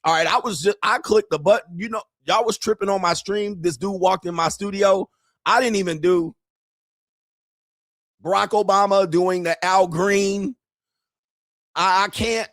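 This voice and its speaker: A man's voice: high-pitched, a bit bright, no room sound, studio quality. A man streaming, reacting to clips in casual, mocking commentary and laughing often.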